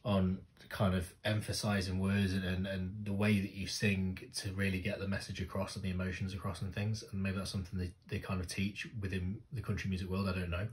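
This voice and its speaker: A man reacting to music videos in casual commentary, excitable, swearing often and talking straight to the screen. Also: low-pitched, a little fast, few pauses.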